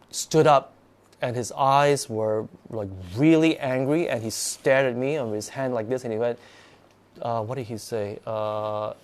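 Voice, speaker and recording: A man hosting a live stream, telling his own ghost stories in a rambling way, full of restarts and sudden bursts of acting out. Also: medium pitch.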